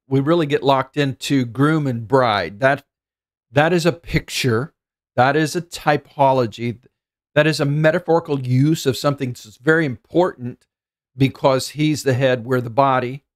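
A middle-aged man preaching a sermon as pastor, earnest and thinking aloud, often repeating words as he goes. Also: medium pitch.

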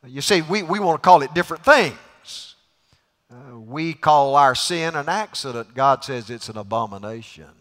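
A man preaching a sermon as guest preacher in a church, folksy and joke-telling, swinging between loud and quiet. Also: medium pitch, animated, normal speed. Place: church sanctuary. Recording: reverberant church hall.

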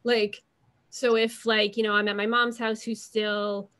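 A woman's voice: medium pitch, level tone, measured pace, fairly bright tone, clear, resonant tone. A young adult woman talking casually as an interview guest, rambling with many fillers and restarting her thoughts.

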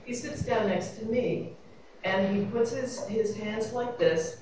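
A woman's voice: on the high side, takes it slowly, darkish tone, slight background noise. A woman, a panelist telling a rambling, wry anecdote with laughs. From New York City. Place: convention panel room, echoey. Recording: echoey room from far off, audience murmur.

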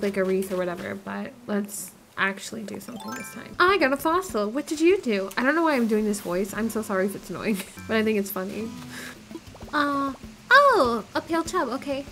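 A woman's voice: on the high side, bright, forceful tone. A woman giving casual gameplay commentary, chattering in a scatterbrained, self-deprecating way. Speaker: gaming YouTuber.

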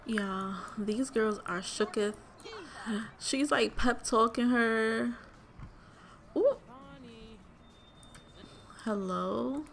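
A woman's voice: fairly high pitch, drawn-out words, creaky, long pauses, a little hiss or hum. A young woman hosting a let's play, giving chatty, exclamatory gameplay commentary straight to her viewers.

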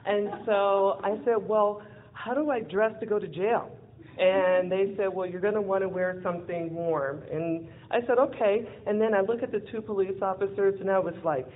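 Woman telling a lively story, tinny audio. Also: fairly low pitch. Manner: animated, acts out quoted dialogue, laughs often. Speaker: event speaker. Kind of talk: personal storytelling talk. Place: event venue in front of an audience. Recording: tinny phone-like lo-fi audio with faint hiss.

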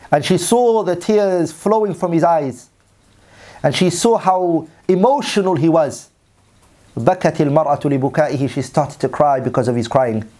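An Islamic teacher delivers a religious story as a sermon, reading Arabic passages before translating and repeating them in English. His voice sits fairly high and has a slightly mellow quality.

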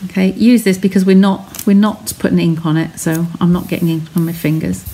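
A woman's voice: fairly low pitch, steady tone, brisk, mellow, a little hiss or hum. A woman chatting as she talks viewers through a craft technique step by step on a live stream from her home studio. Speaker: craft demonstrator.

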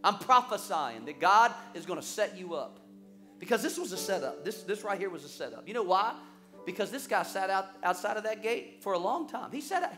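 Animated high-voiced preaching man. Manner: animated storytelling, acts out quoted voices; repeats words when excited. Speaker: pastor. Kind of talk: sermon.

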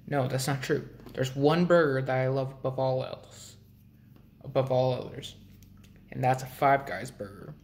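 A young man talking casually to his vlog viewers, rambling with restarts and frequent throat clearing. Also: mid-range voice, steady tone, moderate pace, darkish tone, slight background noise. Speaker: vlogger.

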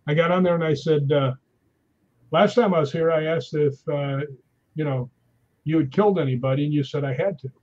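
This guest, a man with a fairly high voice, speaks briskly over dull-sounding audio. He shares lively ghost-hunting stories in relaxed conversation, performing the quotes of the people involved.

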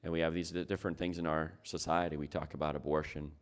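A man's voice: extremely low pitch, flat delivery, quick pace. A man preaching a sermon as pastor, talking it through in a conversational way and asking his listeners rhetorical questions.

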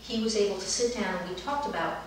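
A middle-aged woman, a dance movement therapist, calmly telling the story of a session with children. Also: mid-range voice, fast, a little hiss or hum. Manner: calm, gentle storytelling, livelier when acting out children. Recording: roomy echo, heard from a distance.

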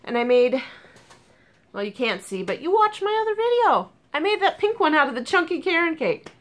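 Woman, casual crafting vlog, excitable, gushing, lots of ums, sore tongue, bright tone. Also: high voice, moderate pace. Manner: chatty and gushing, with frequent ums and excited asides. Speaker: crochet vlogger. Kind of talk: casual chat.

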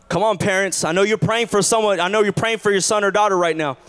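A man's voice: sits high, fast, hardly any pauses, fairly bright tone, clear, resonant tone. A male pastor preaching a sermon at a church service, building with repeated phrases. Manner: preaching with repetition and rising calls.

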